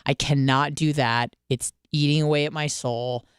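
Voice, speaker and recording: A woman in her late twenties hosts a solo radio talk segment, telling personal stories in a candid, lively way and cursing freely. Her voice is exceptionally crisp and smooth. The studio sound is dry and close, with no room echo. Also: deep voice, moderate pace. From Michigan. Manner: candid, swearing, lively storytelling. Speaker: radio show host. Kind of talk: casual solo radio monologue.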